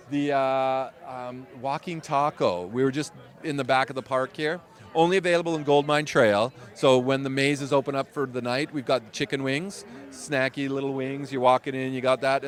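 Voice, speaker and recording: A man talking in an outdoor interview at a theme park, enthusiastically rambling about the food on offer. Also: mid-range voice. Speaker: food and beverage staff. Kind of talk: casual interview.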